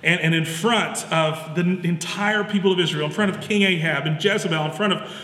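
A man preaching in a loose, conversational manner, stopping and restarting his sentences as he goes. His voice sits on the higher side and sounds bright and forceful. It rings out in a big echoey hall with a long reverb tail. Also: brisk. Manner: relaxed, chatty with many fillers and restarts. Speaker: pastor. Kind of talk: conversational sermon.

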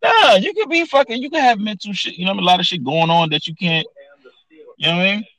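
A man's voice: high voice, lively intonation, fast, fairly bright tone, no room sound, low-quality recording. Laid-back man in casual podcast chat. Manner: laid-back, profane, repeats "you know what I mean". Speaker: podcast co-host.

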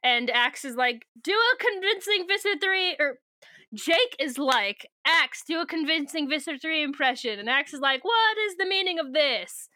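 A woman's voice: sits high, lively intonation, normal speed, sharp tone, no room sound. A young woman co-hosting a podcast in casual chat, rambling through a book recap, swearing freely and laughing often.

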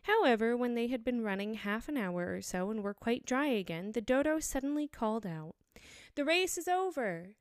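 A woman narrating a storybook aloud in a measured, expressive reading. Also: on the high side, clean tone, dry recording, clean studio sound.

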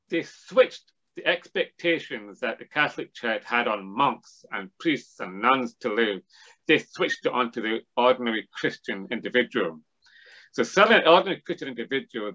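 A man's voice: mid-range voice, sharp tone, dull audio. A man as an interview guest, explaining ideas in a discursive, lecturing way with frequent restarts. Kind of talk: thoughtful academic discussion.

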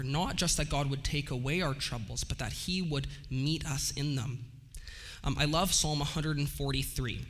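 Male preacher, slightly high voice, slow and earnest, long hall reverb. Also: a bit bright. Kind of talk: sermon.

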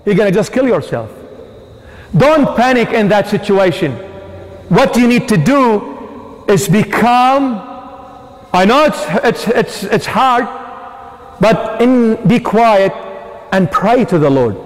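A man with a high voice preaches a sermon, impassioned and emphatic, rising to loud cries and dropping to hushed tones. His words ring out with a long reverb, as in a big church hall. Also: expressive, slow pace, long pauses. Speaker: bishop preaching.

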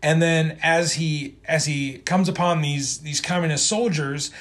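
Brief: male co-host with a fairly high voice, relaxed, rambling comic recap. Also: a little slow. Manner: rambling, many ums and restarts. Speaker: podcast co-host. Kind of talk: casual comic book recap.

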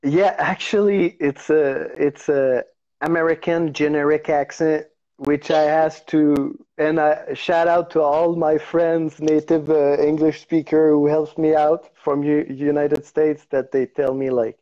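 Male actor guest, Quebec French accent, warm dark tone, stumbling English, muffled video-call sound. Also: on the high side, little pitch movement. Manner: halting, searching for English words. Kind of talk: casual interview.

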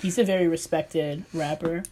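A woman's voice: low voice, fairly even intonation, moderate pace, dark tone. A young woman co-hosting a podcast in casual chat, giggly and full of fillers. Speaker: podcast co-host.

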